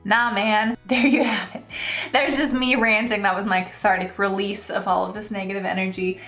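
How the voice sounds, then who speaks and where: A young woman tells a ranting storytime, animated and quick to slip into mock voices for the people she quotes. Her talk rings a little off the walls of an echoey room, with faint music underneath. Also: mid-range voice. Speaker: freelance writer vlogger. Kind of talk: casual storytime rant.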